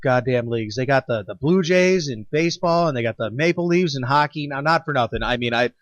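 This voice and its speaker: A man's voice: mid-range voice, animated, brisk, dry recording. A man co-hosting a podcast in casual chat, opinionated, swearing freely and laughing often. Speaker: podcast co-host. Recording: dull lo-fi podcast audio.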